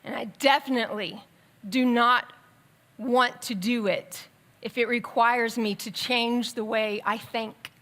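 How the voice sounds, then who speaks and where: Woman preaching in church, higher voice, chatty and animated, speeds up then slows down for emphasis. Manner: conversational, animated with asides and quick bursts. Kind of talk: sermon. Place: church sanctuary.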